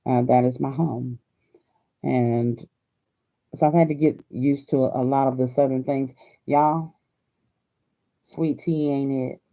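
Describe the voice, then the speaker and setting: A woman's voice: rumbling low, fairly even intonation, slow, long pauses, warm tone, dull audio. An older woman from Hawaii hosting a crafting vlog, chatting in a folksy, chatty way and laughing often. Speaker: crafting channel host.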